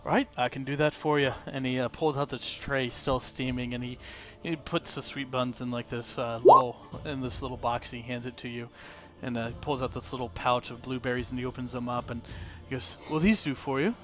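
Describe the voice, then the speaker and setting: A man narrates a tabletop game as game master, laid back and halting. His voice sits at an ordinary pitch. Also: soft background music. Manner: relaxed, halting narration with fillers.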